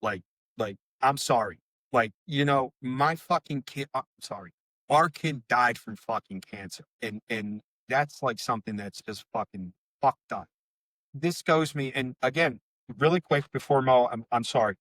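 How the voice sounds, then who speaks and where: This is a middle-aged bereaved father on a podcast, his mid-range, fairly bright voice a little slow. Emotional and heated, he rambles through stories with plenty of swearing, recorded without echo.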